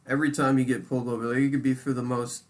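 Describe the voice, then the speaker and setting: A man in casual podcast chat, animated and swearing freely, peppering his talk with "dude". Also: mid-range voice, racing. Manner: animated, heavy swearing, says "dude" a lot. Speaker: podcast co-host.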